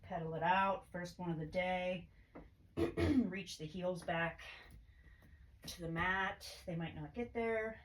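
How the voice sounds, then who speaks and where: A woman with a low voice leads a yoga class, calmly calling out each pose and breath. Her throat sounds a little choked up. She is picked up from across the room by a distant microphone, with a faint hiss behind her. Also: slow pace. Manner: calm, steady cueing of poses and breaths. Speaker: yoga instructor. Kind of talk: guided yoga class instruction.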